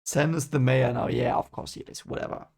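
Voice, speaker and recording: A man's voice: mid-range voice, fairly quick, creaky, darkish tone, breathy edge. A man who is reading a book for the first time and reacting with strong emotion. He swears and then apologizes. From Germany. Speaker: channel host reading a book aloud.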